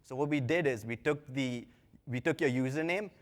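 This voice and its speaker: A man's voice: mid-range voice, moderate pace. A young man giving a live tech conference talk in a casual, chatty way with self-deprecating asides. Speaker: conference speaker. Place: large conference hall. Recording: long hall reverb.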